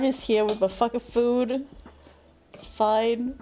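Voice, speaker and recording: A woman streamer chatting casually at her home desk into a desk microphone, excitable, gushing thanks, laughing and swearing. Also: on the high side, slow, long pauses, slight background noise. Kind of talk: casual live-stream chat.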